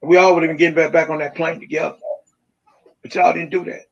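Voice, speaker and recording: A man's voice: a little high, little pitch movement, fast, gravelly, highs cut off. A man calling in to a talk show as a grieving father, speaking bluntly and accusingly and repeating his points. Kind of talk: phone-in talk.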